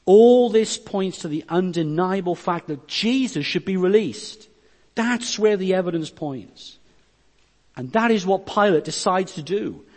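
High-voiced man preaching in a reverberant hall. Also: expressive, a little slow. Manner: expository preaching, reading scripture aloud; dynamic delivery, rising and dropping in force. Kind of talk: sermon.

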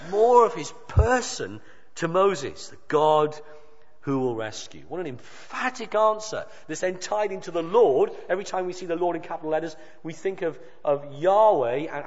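A man preaching a sermon, emphatic, with dramatic pauses and voiced quotes. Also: a little high. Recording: dull sound with long reverb of a hall.

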